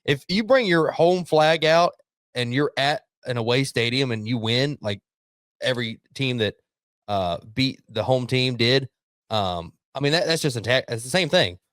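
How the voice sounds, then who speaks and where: A man in casual sports talk as a podcast co-host, blunt and quick to swear, at a middle pitch for a man. The sound is close and dry, with no room echo behind him. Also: animated. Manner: blunt, profane, acts out coaches' yelling.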